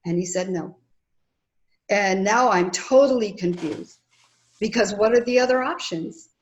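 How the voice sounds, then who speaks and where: A middle-aged woman sharing a personal faith testimony in conversation, earnest and lively, acting out remembered dialogue. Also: mid-range voice, normal speed. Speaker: guest sharing her testimony. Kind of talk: conversational storytelling.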